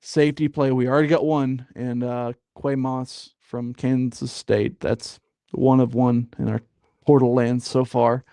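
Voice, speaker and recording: A man talks sports on a casual podcast, rambling through fillers and then heating up with emphatic asides. His voice sits at an ordinary middle pitch. The sound is dry and close, with no room echo. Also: little pitch movement, measured pace, gravelly, warm tone. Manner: rambling, frequent fillers, gets fired up. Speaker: podcast host.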